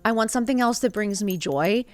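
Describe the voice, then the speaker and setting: A woman's voice: mid-range voice, lively intonation, brisk. A woman in her fifties, a podcast guest, telling a personal story with emotion, swearing freely and acting out the dialogue. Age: 50s. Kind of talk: candid storytelling interview.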